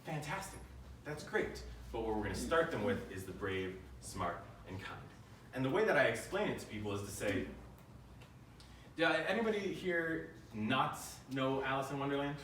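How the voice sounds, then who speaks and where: A man's voice: medium pitch, very animated, normal speed, a bit bright, recorded from a distance, slight background noise. A man giving a live keynote talk, conversational and asking the audience questions. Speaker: keynote speaker. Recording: echoey room, voice from the mic.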